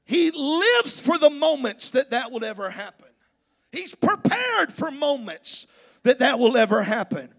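A man preaching a sermon as pastor, emphatic and sing-song, often shouting, with stammered restarts. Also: very high voice, sing-song, a little slow, vocal fry. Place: church sanctuary.

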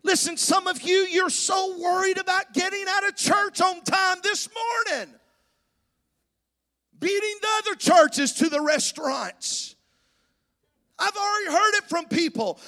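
At a measured pace, a strikingly high-voiced pastor delivers an emphatic sermon to his congregation in the church sanctuary. He builds into shouts and a sing-song cadence, often stammering and beginning his phrases again.

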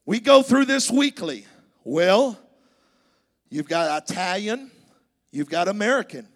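Preacher guy with a really high voice, shouting and kinda singing his sermon, stumbles and restarts a lot. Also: sing-song, slow pace. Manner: emphatic preaching, often shouting and sing-song, with stammered restarts. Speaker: pastor. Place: church sanctuary.

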